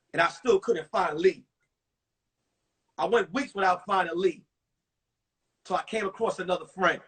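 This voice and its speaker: A male comedian telling animated stories from high school in a one-man show on a livestream. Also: husky. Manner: animated, acts out voices. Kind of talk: stand-up storytelling. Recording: distant mic on a phone livestream.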